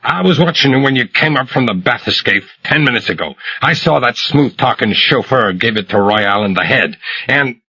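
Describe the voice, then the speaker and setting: A man's voice: mid-range voice, expressive, unhurried, creaky, long pauses, pushed and bright, breathy edge, no room sound, heavily acted. A man voicing a jittery, vicious junkie gunman who rants and sneers with venom. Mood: ranting. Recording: muffled lo-fi recording.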